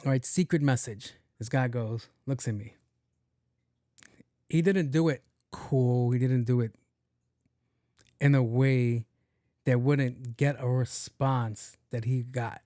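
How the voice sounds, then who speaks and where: A man's voice: medium pitch, slow, pauses often, dark tone, no room sound, clean studio sound. A young man hosting a podcast, telling a rambling, profane story and acting out both sides of the conversation. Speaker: podcast host. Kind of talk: casual storytelling monologue.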